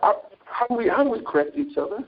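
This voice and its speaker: A man's voice: very high voice, fast, phone-quality sound. A man preaching informally on a Christian talk show, telling stories from his own life and reading scripture. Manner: animated storytelling with scripture readings.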